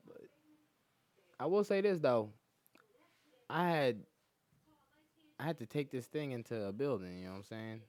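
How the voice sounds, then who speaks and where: Male comic podcast host, lively pitch, dry close sound, loose profane storytelling. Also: measured pace, pauses often, no echo. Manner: animated, profane storytelling with lots of acted quotes. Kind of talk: casual comedic podcast chat.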